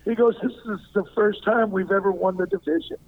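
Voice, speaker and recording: An older man from Arkansas, a former pro football player, telling a lively story as an interview guest and acting out what people said. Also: sits high, a little fast, creaky. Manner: lively anecdotal storyteller who acts out quoted lines. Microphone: phone. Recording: tinny phone line.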